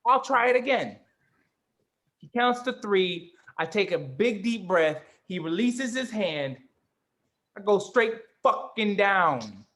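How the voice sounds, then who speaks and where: A man telling a story in casual chat, animated and profane, acting out the people in it. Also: high-pitched, slow. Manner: animated storyteller, swearing, acts out other voices. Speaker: co-host.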